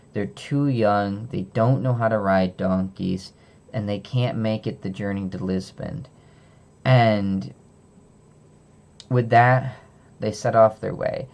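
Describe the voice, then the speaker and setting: Low gravelly man retelling a story. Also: darkish tone. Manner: casual, loose retelling with fillers and self-corrections. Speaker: book reviewer. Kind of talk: unscripted book summary.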